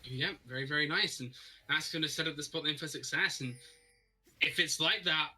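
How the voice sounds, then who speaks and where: A man calling an esports match live in a very bright, forward voice that sits a little high for a man. He reacts quickly to the action and trips over repeated words when excited. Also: breathy edge, faint music behind, poor audio. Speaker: esports caster. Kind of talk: live play-by-play commentary.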